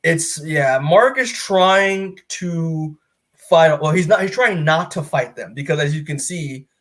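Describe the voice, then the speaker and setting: A man's voice: on the high side, a bit bright. Rambling man recapping comics, full of fillers. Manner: rambling, lots of fillers and restarts; retells scenes with quick put-on quotes. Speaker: podcast co-host. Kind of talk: casual comic book review chat.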